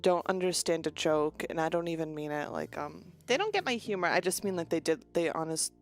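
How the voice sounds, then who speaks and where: A woman streamer chatting casually with her viewers, with a deadpan delivery. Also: on the low side, a little fast, soft background music. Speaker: VTuber streamer. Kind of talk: casual chat.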